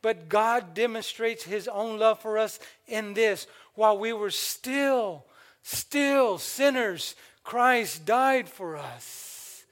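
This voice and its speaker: A man's voice: sits high, slow, a bit bright. An older man preaching a sermon, exhorting the congregation and calling out for amens. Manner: exhorting, calls for amens and asks the congregation questions.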